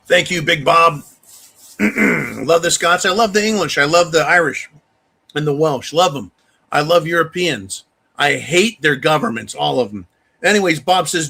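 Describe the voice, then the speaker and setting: A man's voice: a little high, unhurried, creaky, pushed and bright, breathy edge. A man hosting a live talk stream, ranting bluntly with profanity and speaking straight to his viewers and donors. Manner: addresses viewers directly. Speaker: livestream host reading viewer donations. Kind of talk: casual ranting talk show.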